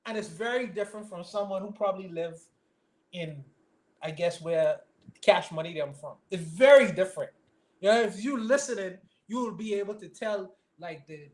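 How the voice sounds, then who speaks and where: A man from the Caribbean with a Bahamian accent, musing casually in an online group discussion and repeating his words as he starts. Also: sits high. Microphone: online call.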